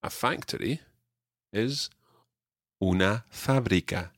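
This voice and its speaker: A man teaching a podcast language lesson, drilling his learner with clear repeated phrases. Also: lowish voice, slow pace, fairly bright tone, dry recording, studio quality.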